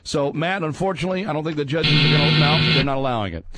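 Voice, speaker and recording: A man hosting a fill-in-the-blank game on a sports talk show, playful and reading the prompts out slowly. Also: fairly high pitch, loud music behind the voice. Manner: playful, reads prompts slowly and judges answers. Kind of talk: casual radio sports chat.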